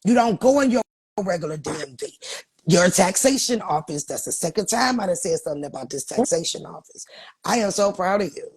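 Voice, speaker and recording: A woman's voice: lowish voice, lively intonation, a little fast, darkish tone, slightly rough. A woman hosting a live-stream chat, teaching her viewers in an emphatic, profane way and calling them y'all. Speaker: host.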